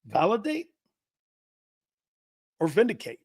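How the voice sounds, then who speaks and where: A man's voice: high voice, huge pitch swings, slow pace, darkish tone, slightly rough, dry recording, clean studio sound. A brash middle-aged man hosting a sports talk show, ranting in rhetorical questions and laughing often.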